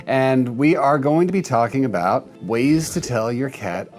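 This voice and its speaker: A man's voice: mid-range voice, animated, measured pace, a little mellow. A man with a mid-range voice hosts a casual how-to video about cats. He talks straight to the camera in a chatty, demonstrative way, often restarting his sentences. Faint music plays underneath. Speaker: host giving cat-care advice. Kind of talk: casual instructional talk to camera.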